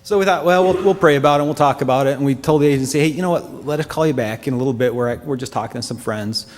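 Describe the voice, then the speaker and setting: A man giving an earnest, heartfelt personal testimony to a congregation, speaking in a halting way. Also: mid-range voice, a little mellow, slight background noise. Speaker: church member giving a testimony. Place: church hall. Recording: long church-hall reverb.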